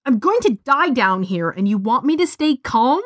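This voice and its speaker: A woman voicing a frightened teenage girl stranded after a crash, with desperate, shrill outbursts. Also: very animated, normal speed, fairly bright tone, no room sound, studio quality. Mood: panicked.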